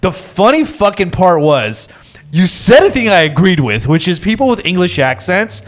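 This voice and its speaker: A man co-hosting an improvised comedy podcast. He argues his point insistently with a lively, swooping pitch and plenty of swearing. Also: normal speed. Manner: argumentative, swearing.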